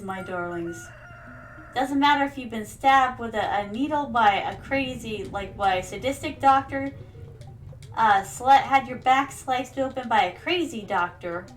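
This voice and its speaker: A woman streaming a game, chatting casually and telling stories to viewers she calls her darlings. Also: on the high side. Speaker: VTuber streamer.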